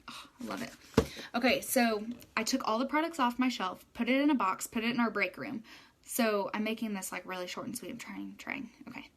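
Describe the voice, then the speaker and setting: A woman's voice: medium pitch, fairly bright tone. A young adult woman, a hairstylist, talking casually to her viewers in a chatty, rambling way with many fillers.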